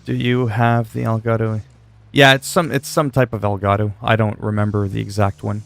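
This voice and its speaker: A man's voice: lowish voice, level tone, moderate pace, gravelly, dry recording. A man chatting casually while livestreaming a game, answering chat questions in a laid-back, swearing way.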